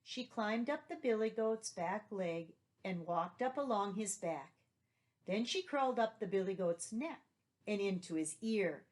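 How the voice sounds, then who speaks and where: A woman's voice: mid-range voice, animated, measured pace, darkish tone. Patient woman teacher reading aloud. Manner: patient, questioning, explanatory. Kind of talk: read-aloud vocabulary lesson.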